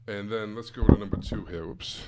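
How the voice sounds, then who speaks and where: A man's voice: fairly low pitch, fairly even intonation, a little fast, crowd noise. A man coaching other coaches live, blunt and direct, asking rhetorical questions and repeating his points. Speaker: sales coach. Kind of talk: live-streamed teaching.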